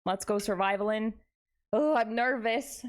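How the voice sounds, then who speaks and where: A woman's voice: fairly high pitch, a little slow. A young adult woman streaming live, chatting casually with her viewers in a playful, dramatic way. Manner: animated, playful, dramatic exclamations.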